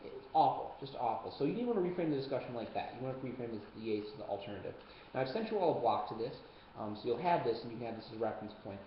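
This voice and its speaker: A young man teaching debate strategy on a webcam, casual and joking, with quick asides. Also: mid-range voice, lively intonation. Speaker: debate coach. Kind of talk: webcam lesson. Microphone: webcam mic. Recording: roomy, dull webcam audio, faint hiss.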